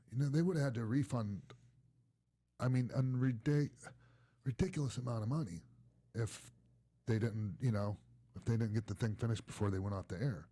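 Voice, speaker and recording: A man's voice: on the low side, warm tone. Rambling man hosting a podcast. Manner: loose, rambling, lots of "you know" and restarts. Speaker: podcast host. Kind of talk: casual chat.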